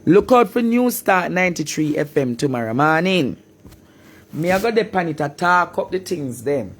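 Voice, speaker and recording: A man from Jamaica with a Jamaican accent, ranting animatedly on a live stream, repeating words and bursting into shouts. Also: a little high, very animated, normal speed. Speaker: social media personality.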